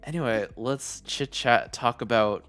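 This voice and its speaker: A woman in her twenties hosting a casual live-streamed chat, playful and jokey with quick asides. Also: a bass voice, a bit bright, soft background music. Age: 20s. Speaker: podcast host.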